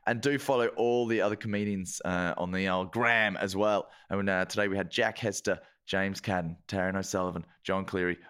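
Animated, chummy podcast co-host. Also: male voice, medium pitch. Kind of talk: casual chat.

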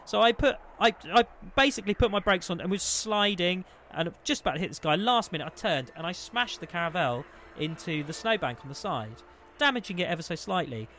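A man co-hosting a podcast from a studio, telling stories with a bouncy, sing-song delivery that climbs high whenever he gets worked up. His voice sits a touch high for a man, with faint noise in the background. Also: a little fast, few pauses. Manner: lively, excitable storyteller. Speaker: podcast co-host. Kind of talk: animated anecdote telling.

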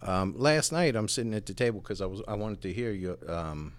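A man's voice: on the low side, sing-song, brisk. A man co-hosting a podcast in casual chat, teasing his partner and telling rambling stories. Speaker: podcast co-host.

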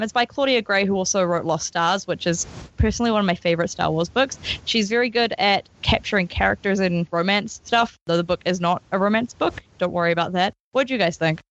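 An upbeat woman hosting a casual podcast, jokey and quick to laugh at her own lines. Her pitch is middling, and the sound is a bit dull and lo-fi. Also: a bit bright. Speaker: podcast host.

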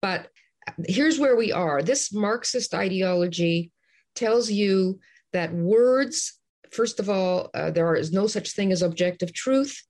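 A woman's voice: medium pitch, animated, slow pace, darkish tone. Passionate, ranting female guest. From Canada. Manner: passionate, ranting, many restarts. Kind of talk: animated interview talk.

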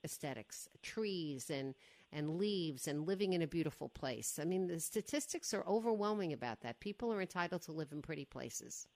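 A woman's voice: low-pitched, lively intonation, normal speed, a little mellow. Chatty woman talk show host. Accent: Brooklyn. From Brooklyn, New York. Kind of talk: casual interview chat.

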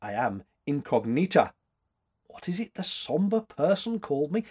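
A man reading aloud, voicing a sixty-year-old woman art critic with a faint foreign accent, brisk and terse. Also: on the high side, big pitch swings, darkish tone, husky, heavily acted. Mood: crisp, judging.

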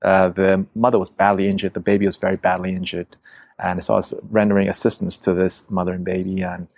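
A man with a low, gravelly voice tells a story in a casual, conversational way. He is vivid and profane and slips into the voices of the people in it. The sound is dry and close. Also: level tone, quick pace, darkish tone, dry recording. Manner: vivid, profane, acts out quotes. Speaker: guest telling a story.

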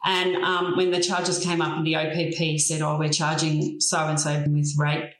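A middle-aged Australian woman, a guest telling her own story in a frank, plain-spoken and steady way. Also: deep voice, moderate pace. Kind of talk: personal story in a conversation. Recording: roomy echo.

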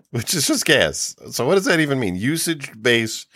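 A man's voice: mid-range voice, big pitch swings, moderate pace, pushed and bright, no echo, clean studio sound. A man co-hosting a podcast, ranting in casual chat and swearing freely. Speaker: podcast co-host.

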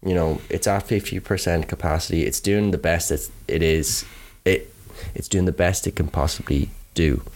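Deep-voiced Irish man, relaxed chat. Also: moderate pace, hardly any pauses. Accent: Irish, Dublin. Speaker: podcast co-host. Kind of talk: casual chat.

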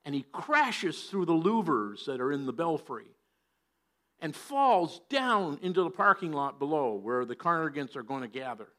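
Pastor guy telling a funny story in his sermon, stops and restarts a lot, kinda high voice. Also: very animated, fairly bright tone. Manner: halting, repeats words as he restarts.

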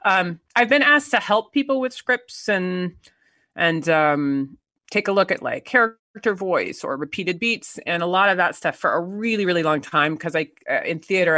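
A woman's voice: fairly low pitch, animated, moderate pace, a bit bright, dry recording, clean studio sound. A woman in casual conversation, hesitant, with many fillers and restarts. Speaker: guest, theater artist and writer.

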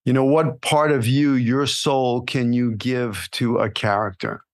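On his podcast, a man who works as an acting coach offers motivational advice in a lively, coaching style. He speaks at a measured pace with a medium pitch, frequently adding "right?" and "you know" to his sentences.

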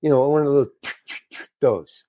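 An older man, a guest actor, telling an animated story and swearing freely as he acts out the other people in it. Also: medium pitch, normal speed, no room sound, lo-fi sound. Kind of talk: anecdotal storytelling.

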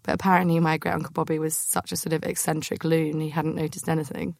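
A woman's voice: low voice, fast talker, gravelly, no room sound. Chatty young woman podcast host, dry sound. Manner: animated, self-mocking anecdote telling. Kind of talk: chatty storytelling.

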